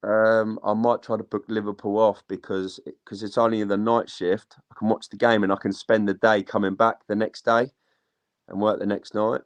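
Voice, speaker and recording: A man's voice: fairly low pitch, flat delivery, normal speed. A young man, chatting casually about football on a panel. He rambles, swears a lot and drops plenty of slang.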